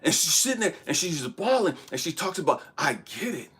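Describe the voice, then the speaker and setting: A man's voice: high voice, big pitch swings, fast, fairly bright tone, slightly rough. A man in his thirties giving a spiritual motivational talk, preaching with bursts of emphasis that drop to near-whispers. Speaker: motivational speaker.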